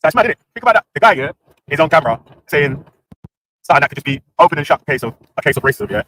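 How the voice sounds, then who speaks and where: A man's voice: fairly high pitch, animated, very fast, a bit bright, dry recording. A British man hosting a livestream, ranting in casual street slang with lots of banter. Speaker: livestream host.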